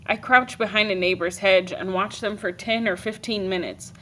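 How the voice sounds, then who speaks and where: A woman teacher reading a novel aloud to her class, expressive with dry comic timing. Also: medium pitch, moderate pace.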